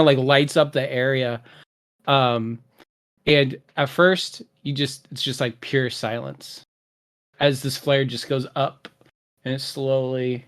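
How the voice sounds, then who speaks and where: A man's voice: medium pitch, clean tone. Rambling man running a tabletop game. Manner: rambling, many fillers, builds scenes. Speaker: game master.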